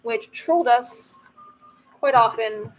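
A woman's voice: a little high, takes it slowly, poor audio. A woman hosting a card-opening video, chatting playfully and joking as she goes through the cards. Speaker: host of a card-opening channel. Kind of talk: casual card-opening commentary.

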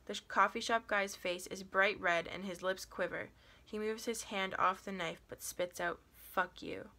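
A woman reading a first-person audiobook in a plain, steady storytelling manner. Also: mid-range voice, normal speed. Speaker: audiobook reader.

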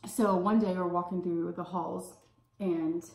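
A woman from California telling a casual story while eating, full of "like" fillers and pauses to savor her food. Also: lowish voice, steady tone, creaky, mellow. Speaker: food vlogger. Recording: roomy echo.

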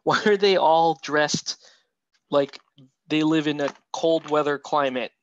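A man's voice: a little high, slow, dull audio, slight background noise. A man who streams himself painting miniatures, chatting casually and rambling with self-mocking asides to his viewers. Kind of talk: casual livestream painting tutorial.

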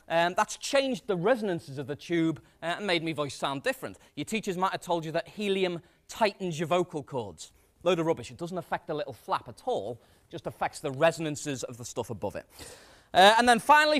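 A man presenting a comic science demonstration on stage to a live audience, energetic and self-mocking. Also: sits high.

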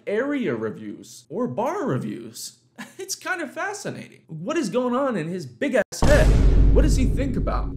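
A young man doing comedic reaction commentary, incredulous and swearing often, laughing at the clips. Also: a little high. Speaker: commentary YouTuber.

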